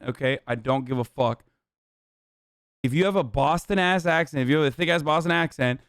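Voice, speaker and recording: A man's voice: mid-range voice, clean tone, no room sound, clean studio sound. A man in his thirties doing casual livestream commentary, blunt and profane in an opinionated rant. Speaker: streamer reacting to videos.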